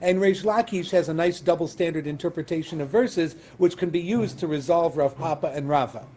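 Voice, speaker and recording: A man's voice: on the high side, fairly quick, dark tone, a little hiss or hum. A man, a rabbi, lecturing a Talmud class, explaining texts step by step, reading Hebrew and Aramaic terms and checking in with "right?".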